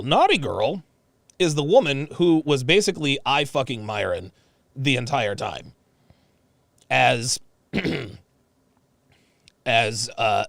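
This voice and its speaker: Guy in his 40s ranting over clips, gravelly, pitch jumps all over, mocking and profane. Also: no echo. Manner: mocking, animated, repeats himself. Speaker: host reacting to clips. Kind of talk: profane reaction commentary.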